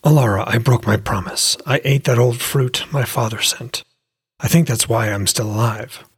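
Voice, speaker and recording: A man's voice: mid-range voice, moderate pace, husky, long reverb tail. A man voicing a blind, injured young man who is dry-mouthed and in pain, with a groggy, wry way of talking. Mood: contrite.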